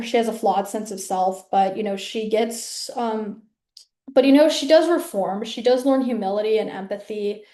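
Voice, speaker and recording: Woman, video host, casual rambling chat, fillers and restarts, slightly high voice, roomy echo. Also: a little mellow. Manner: chatty, many fillers and restarts. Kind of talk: casual rambling talk to camera. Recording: echoey room.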